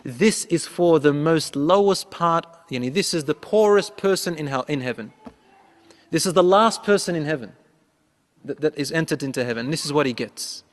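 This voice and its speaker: A man preaching a sermon, telling a story and acting out its dialogue with a rising voice, reciting prayers quickly. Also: on the high side, expressive. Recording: long hall reverb.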